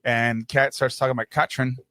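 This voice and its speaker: Slightly high-voiced, storytelling male host. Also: lively intonation, fast talker, a bit bright, no room sound, clean studio sound. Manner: rambling storyteller who acts out other people's lines. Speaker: podcast host. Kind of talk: casual chat.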